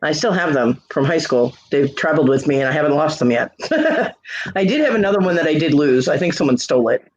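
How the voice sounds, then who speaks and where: A woman co-host in casual chat, animated and quick to laugh. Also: sits low, a little hiss or hum. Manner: animated storyteller, laughs often. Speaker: podcast co-host. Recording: dull lo-fi recording.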